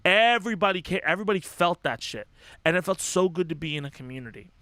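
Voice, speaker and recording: High-voiced, bright young man streaming. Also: lively intonation, quick pace, no echo. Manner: profane, impassioned, rambling with restarts. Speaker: livestream host. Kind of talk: casual livestream commentary.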